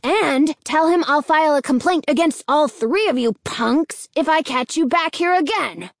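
A woman acts out a grumpy middle-aged postmaster who hates kids. He snarls and barks warnings, raised and forceful. The sound is dry and close. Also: high voice, expressive, normal speed, dry recording, voice pushed up. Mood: scolding. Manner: snarling, sharp, threatening. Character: angry bald middle-aged male postmaster.

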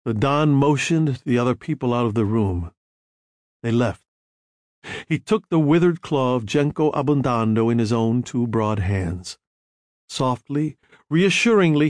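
A man narrating a novel in an expressive storytelling manner. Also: medium pitch, no echo, studio quality. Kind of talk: audiobook narration.

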